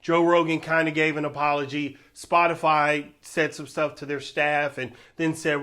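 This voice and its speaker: A man with a fairly high voice delivers emphatic video commentary straight to his audience. He talks in an earnest, direct way and keeps addressing viewers as y'all. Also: level tone, moderate pace, hardly any pauses, sharp tone. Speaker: online commentator.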